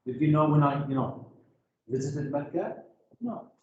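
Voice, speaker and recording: A man's voice: fairly high pitch, measured pace, a little mellow, distant mic, muffled recording, slight background noise. Echoey man teaching grammar to a class. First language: Arabic. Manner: asks the class rhetorical questions, many "you know" fillers. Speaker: English teacher. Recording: echoey classroom taped from afar.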